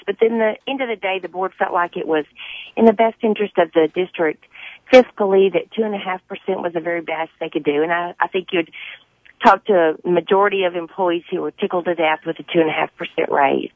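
Woman with a cold, scratchy voice, careful and measured, tinny dry phone line. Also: fairly low pitch, no echo. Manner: measured, careful, with many fillers. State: hoarse from a cold. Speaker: school district spokesperson. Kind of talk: phone interview on morning radio. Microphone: telephone.

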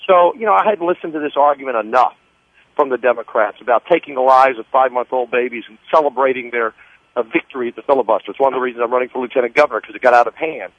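A political guest phones in to a radio show, his medium-pitched male voice coming through a telephone line, very fast and dry. In this interview he speaks with preacherly fervor, repeating words often as he builds his argument.

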